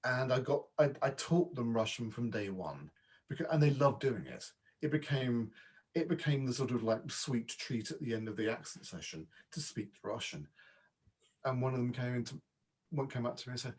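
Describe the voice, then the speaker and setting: A man who works as a voice and dialect coach, talking casually as a podcast guest and stumbling over quick restarts. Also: mid-range voice, a little mellow, husky. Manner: chatty, with frequent false starts and repeats. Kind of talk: casual interview chat.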